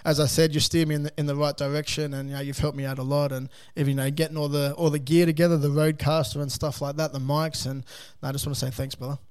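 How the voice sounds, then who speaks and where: Laid-back Australian man, slightly high voice. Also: level tone, fast talker, a little mellow, smooth. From South Sydney, Australia. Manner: laid-back, slangy storytelling with mates' talk. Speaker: guest, coffee van owner and podcaster. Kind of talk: casual podcast chat.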